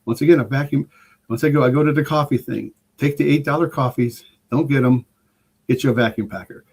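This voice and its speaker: Older man, podcast guest, rambling enthusiastic storyteller, casual, average pitch. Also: a little fast, a little mellow, husky. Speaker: guest preparedness expert.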